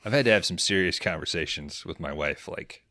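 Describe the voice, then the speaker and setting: Profane, bright-voiced podcast guy. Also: low-pitched, lively intonation, dry recording. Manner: profane, rambling, acts out characters in quick voices. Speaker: podcast co-host recapping a film. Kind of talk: casual comedic movie recap.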